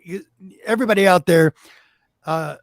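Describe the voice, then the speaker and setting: A man co-hosting a podcast in casual chat, excitable and quick with loud interjections. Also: sits high, no echo.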